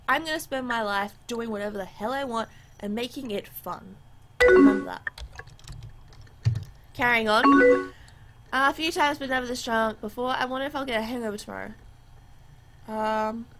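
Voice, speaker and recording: A woman's voice: fairly high pitch, noisy background. A woman hosting a gaming channel, reading both sides of a chat game's messages aloud in a chatty, reactive way.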